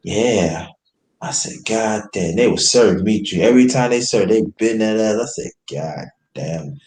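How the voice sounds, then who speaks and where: A man's voice: lowish voice, animated, a little slow, a little mellow. A man from New York telling a loose, profane story in casual chat and slipping into quoted voices. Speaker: host. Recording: roomy echo.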